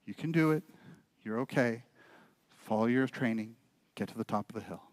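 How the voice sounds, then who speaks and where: A man voicing a gentle, reassuring father who speaks softly and calmly to his frightened son. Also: fairly high pitch, moderate pace, no room sound. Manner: soft, quiet and calm.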